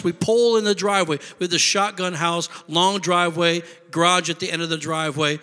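A man preaching a sermon, telling a story in an animated way, swinging from quiet asides to loud praise. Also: sits high, normal speed, few pauses, clear, resonant tone, big-room sound. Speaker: pastor.

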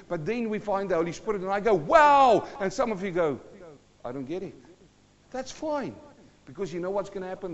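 A man preaching a sermon from the front of a church, emphatic, swinging between hushed asides and loud bursts. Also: high voice, big-room sound, lo-fi sound. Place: church hall.

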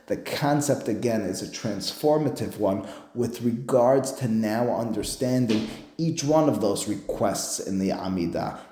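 A man teaching a Talmud class as a rabbi, animated and acting out both sides of a dialogue, peppering his English with Hebrew terms. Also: mid-range voice. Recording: roomy echo.

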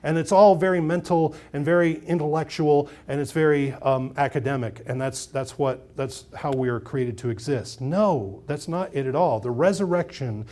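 A middle-aged man preaching a sermon in a conversational way, swinging between loud emphasis and quiet asides, often repeating and restarting phrases. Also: a little high, normal speed, hardly any pauses. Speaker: pastor.

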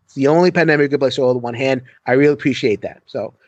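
A man giving a frank, halting review of a game during a casual stream chat. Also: medium pitch, no room sound, dull audio. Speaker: co-host.

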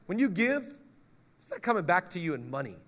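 A male pastor preaching a lively sermon, joking with the congregation and reading scripture aloud. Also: high-pitched, brisk.

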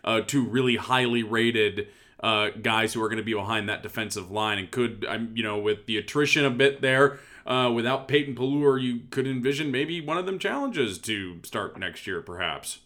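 A man's voice: mid-range voice, moderate pace, a bit bright. A man hosting a casual sports podcast, joking and self-deprecating as he asks questions. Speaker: podcast host.

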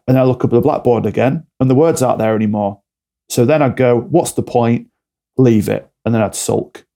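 A podcast guest who works as an alcohol-free coach talks candidly, often acting out little back-and-forth dialogues to explain his points. His voice is warm and medium-pitched, and he speaks at a quick pace.

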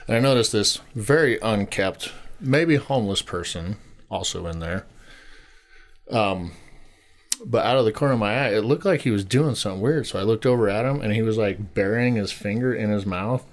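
A man telling a story on a casual podcast, swearing freely and acting out shouted lines. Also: lowish voice, moderate pace. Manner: animated storyteller, swears a lot, acts out shouted quotes. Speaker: podcast co-host.

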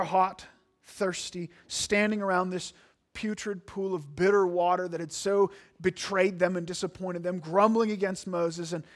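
Male pastor, high-pitched, earnest sermon delivery with emphatic stresses and frequent restarts.

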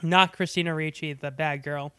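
Casting note: chatty podcast co-host, man with a high voice, dry close sound. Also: fairly even intonation, moderate pace, sharp tone, smooth, dry recording. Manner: chatty, laughs often, breaks into voices for quotes. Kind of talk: casual movie chat.

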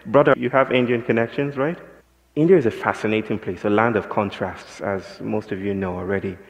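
A man giving a public talk, telling stories in a measured, philosophical way. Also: lowish voice, steady tone. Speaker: speaker. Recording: long hall reverb.

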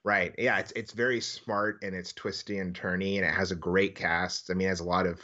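A man's voice: sits low, little pitch movement, brisk, pushed and bright, lo-fi sound. A man co-hosting a casual film review podcast, talking thoughtfully with restarts. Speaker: podcast co-host.

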